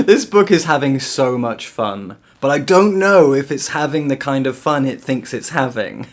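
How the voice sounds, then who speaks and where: A man giving a casual book review vlog, animated and sarcastic, swearing freely and laughing between remarks. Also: mid-range voice, a little slow.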